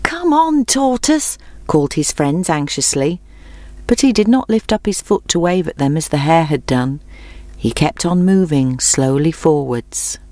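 A woman reading a children's storybook aloud in a measured, expressive way. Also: deep voice, dry recording.

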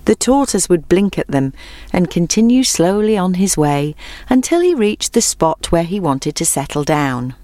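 Low-voiced woman reading a storybook. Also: big pitch swings, moderate pace, warm tone, no echo. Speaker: narrator.

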